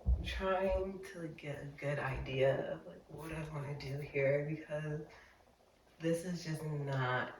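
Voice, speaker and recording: A woman vlogging while sewing a dress, talking to herself with self-doubt and sometimes dropping to quiet mutters. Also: low-pitched, fairly even intonation, slow pace. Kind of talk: casual vlog narration while working. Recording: roomy, from a distance, faint noise.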